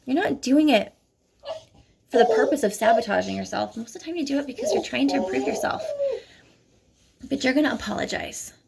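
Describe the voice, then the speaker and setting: A woman's voice: high-pitched, lively intonation, a little fast, creaky, long pauses, background noise. A woman giving a motivational self-help talk to camera at home, earnest and coaxing, often checking in with "okay?". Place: at home, moving to a bathroom mirror. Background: young children nearby.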